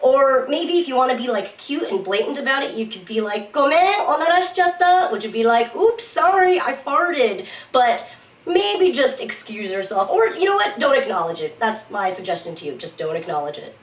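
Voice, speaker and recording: Young woman giving a chill japanese lesson, kinda high voice, lots of echo. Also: big pitch swings, brisk, recorded from a distance. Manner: playful, switches between English and Japanese. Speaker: Japanese language teacher, host. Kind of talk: casual language lesson.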